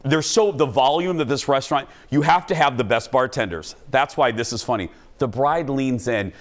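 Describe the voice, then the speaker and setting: A man hosting a talk show, telling funny stories in an animated, self-mocking way. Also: mid-range voice, moderate pace. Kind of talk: comic storytelling to a studio.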